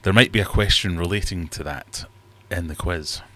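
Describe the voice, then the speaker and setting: A man with a low, slightly bright voice hosts a casual livestream from his fish room at normal speed. He rambles, pokes fun at himself and reads the chat aloud.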